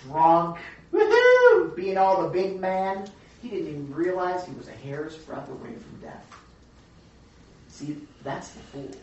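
A woman leading a Bible study, teaching in a chatty, animated storytelling way. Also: lowish voice, a little slow, distant mic, a little hiss or hum. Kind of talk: casual teaching. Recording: echoey room from afar, dull.

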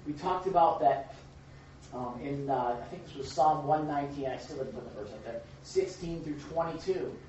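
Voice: medium pitch, normal speed, dark tone. A Bible study leader speaking to a group in a very echoey church room, heard from a distance through a dull recording with faint hiss. The teaching is casual and conversational, filled with rhetorical questions. Now and then the speaker acts out little scenes with a raised voice.

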